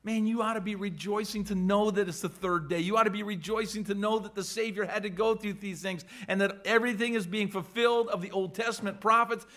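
A man with a high voice preaches a sermon. He acts out the words of scripture figures with dramatic swings, often stumbling and repeating words as he goes. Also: fairly bright tone. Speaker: pastor.

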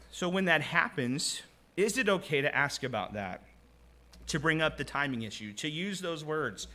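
A man's voice: fairly high pitch, sing-song, moderate pace, bright, forceful tone. A man preaching a conversational sermon, asking rhetorical questions and acting out short quoted voices.

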